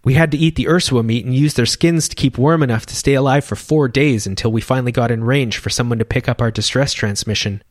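A man's voice: medium pitch, fast, few pauses, no echo, clean studio sound, close to an everyday voice. A man voicing a cheerful, brave young boy who tells his story eagerly.

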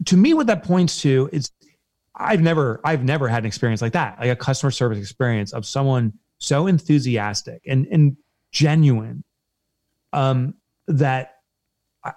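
A man's voice: medium pitch, a little mellow, no echo. A man co-hosting a casual business chat, telling an upbeat story with lots of energy. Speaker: business co-owner, podcast host.

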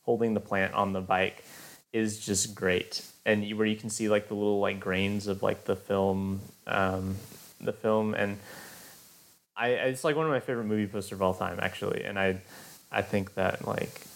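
A man's voice: fairly low pitch, fairly even intonation, normal speed, creaky, rough recording. A man co-hosting a casual film podcast, rambling with many fillers. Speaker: podcast co-host.

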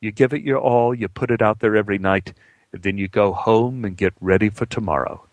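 A man's voice: lowish voice, a little fast, dry recording, close to an everyday voice. A man voicing an old male stage actor who speaks in a grand, theatrical way. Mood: grandly breezy.

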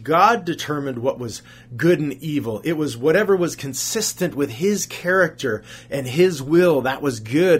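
A man's voice: mid-range voice, husky. A man preaching a sermon as a pastor, earnest, asking rhetorical questions and repeating phrases for emphasis.

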